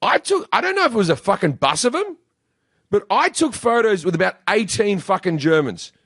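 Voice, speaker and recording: Aussie comedy host guy, gravelly, swears a lot, dry close sound. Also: high voice, big pitch swings, fairly quick, fairly bright tone, no room sound. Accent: Australian. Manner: crude joking storyteller, swears freely. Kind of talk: casual podcast chat.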